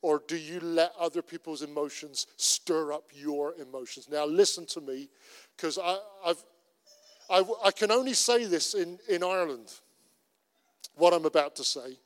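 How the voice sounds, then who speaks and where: Cornish pastor preaching in a reverberant hall. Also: male voice, a little high, normal speed, clean tone. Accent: Cornish English. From Cornwall. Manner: earnest, conversational preaching with repetition. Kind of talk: sermon. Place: church. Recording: long reverb of a church hall.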